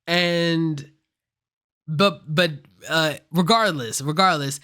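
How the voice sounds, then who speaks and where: A man giving a casual, excited movie review in slangy, rambling talk. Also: on the high side, slow, clear, resonant tone. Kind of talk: casual animated film review.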